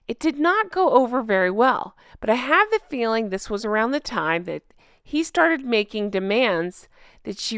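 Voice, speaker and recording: Smooth-voiced woman with a mocking commentary. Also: mid-range voice, fairly bright tone, no echo, clean studio sound. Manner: mocking and sarcastic, often laughing; asks viewers direct questions. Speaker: channel host reacting to online comments. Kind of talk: casual commentary, reading comments aloud.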